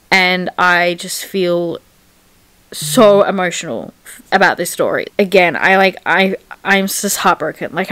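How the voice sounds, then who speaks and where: A woman's voice: on the low side, a bit bright, no room sound. A young woman chatting casually in a reading vlog, gushing about a book with lots of filler words. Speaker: book vlogger.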